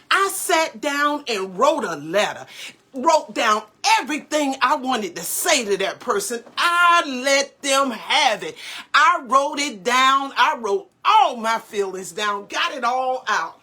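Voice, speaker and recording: A woman hosts a live motivational morning show, her voice pitched high and leaping all over the place. She greets viewers by name with energy and repeats key phrases for emphasis. She takes her time, letting each line land slowly. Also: sharp tone. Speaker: motivational speaker and show host.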